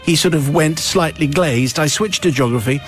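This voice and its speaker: A radio host reading a listener's confession aloud, with wry, theatrical storytelling and dry asides. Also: male voice, a little high, normal speed, faint music behind. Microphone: studio microphone.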